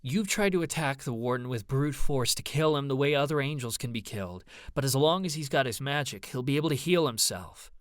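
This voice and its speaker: A man's voice: mid-range voice, animated, fairly quick, few pauses, dry recording, clean studio sound, close to an everyday voice. A man voicing an earnest young male researcher. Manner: emphatic, slightly wavering.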